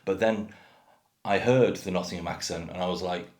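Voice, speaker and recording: Deep-voiced vlogger, thirties, blunt and rambling, echoey room. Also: male voice, steady tone, normal speed. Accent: generic English. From North Wales. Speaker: craft beer vlogger. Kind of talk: casual rant to camera.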